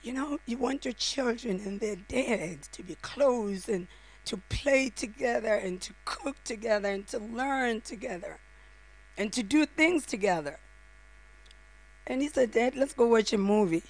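A grieving middle-aged mother gives a heartfelt funeral eulogy in short, broken phrases, speaking directly to the mourners. Her voice is fairly high and animated, and she talks a little slowly.

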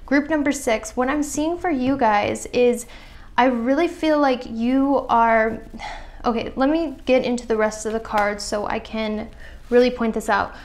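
A woman's voice: fairly high pitch, unhurried. A young woman giving a pick-a-card tarot reading straight to her viewers, earnest and chatty, full of "I feel like" and "you know". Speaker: tarot reader.

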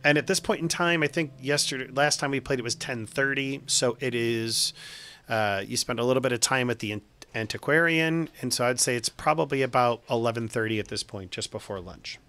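A man's voice: medium pitch, brisk, pushed and bright. A man running a tabletop game as game master, rambling with many fillers and restarts.

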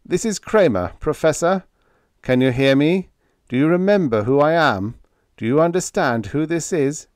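A man's voice: fairly high pitch, lively intonation, moderate pace, no echo, clean studio sound, pitched above the performer's own voice, natural voice. A man doing an urgent, pleading spaceman. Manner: urgent, repeating appeals. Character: earnest younger man pleading over the radio.

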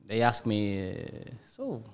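A man's voice: medium pitch, clear, resonant tone. Man, telling stories. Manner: halting non-native English, lots of self-repair. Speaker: podcast guest, footballer. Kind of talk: casual storytelling.

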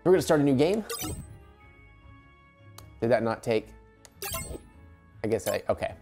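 A man's voice: mid-range voice, big pitch swings, a little slow, dark tone. A man hosting a let's play, chatting casually and rambling while keeping his voice down late at night, with frequent laughs. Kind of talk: casual gameplay commentary. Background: video game music.

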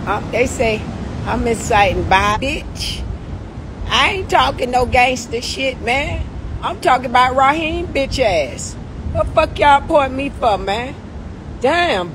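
A woman's voice: high voice, noisy background. A woman ranting profanely and confrontationally on a late-night phone livestream. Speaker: social media personality.

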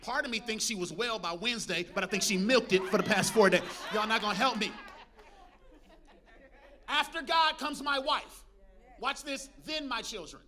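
A man preaching a lively sermon as pastor, calling out to the congregation and joking between points. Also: sits high. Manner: preachy call-and-response with congregation, humorous asides. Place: church.

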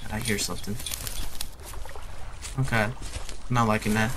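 A man's voice: on the low side, flat delivery, measured pace, noisy background. Jittery young man scared by a horror game. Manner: jittery, nervous, repeats himself, ends phrases with "bro". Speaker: gaming YouTuber. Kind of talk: casual horror game commentary.

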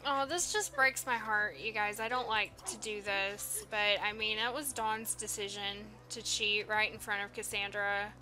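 Slow-talking woman, bright, reacting to gameplay. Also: medium pitch, steady tone. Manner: reacts with dismay, talks to characters. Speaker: let's play host. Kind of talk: casual gameplay commentary.

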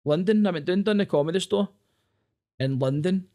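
A man's voice: high voice, normal speed, dark tone. A young Glaswegian man, a stand-up comedian, telling sweary stories in casual podcast chat and laughing often. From Scotland.

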